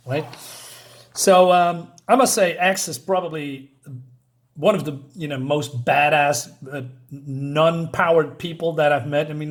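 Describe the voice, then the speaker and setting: Excited man with a fairly high voice. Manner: enthusiastic, chuckles often, says "badass" and "right?". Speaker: comic book reviewer. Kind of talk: casual comic review with read-aloud panels.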